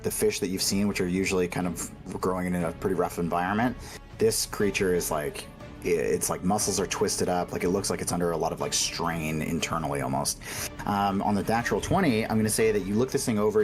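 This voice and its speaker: A man's voice: deep voice, brisk, music in the background. A man running a tabletop game as game master, describing scenes in a rambling way. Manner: rambling, full of "like" and restarts.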